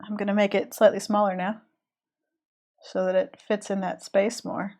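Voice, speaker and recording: Southern American woman streamer, relaxed, chatty, trails off while she concentrates on drawing. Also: medium pitch, normal speed. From Southern United States. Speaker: streaming illustrator.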